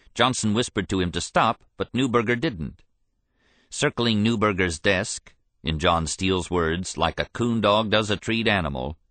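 Measured male narrator for nonfiction audiobook, low voice, dry close sound. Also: fairly bright tone, no room sound. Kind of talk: scripted narration.

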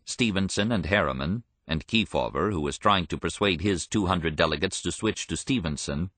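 A man reading a history book aloud in measured scripted narration, lifting his voice for quoted speech. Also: low-pitched, a bit bright, dry recording. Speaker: audiobook narrator.

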